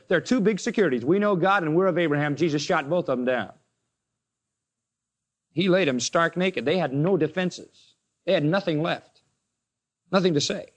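A man preaching a sermon and retelling a Bible story dramatically, raising his voice for the opponents and dropping it low and quiet for the weighty lines. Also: fast talker. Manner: dramatic retelling, acts out the Pharisees in a raised voice.

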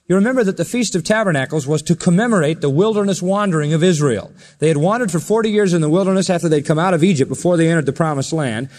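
A man preaching a sermon, telling the story with emphasis and swinging between loud and soft passages. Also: high voice. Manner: storytelling, emphatic, rises and drops in volume. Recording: long reverb of a large hall.

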